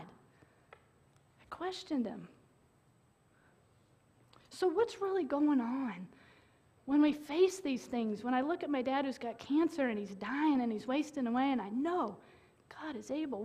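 Woman preaching, high voice, earnest and emotional, echoey church hall. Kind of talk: sermon with personal testimony.

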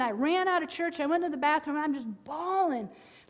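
A woman with a high voice delivers an earnest, emotional sermon that carries a personal testimony. Her words ring out with a long reverb, as if in a large church hall. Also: moderate pace. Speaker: preacher.

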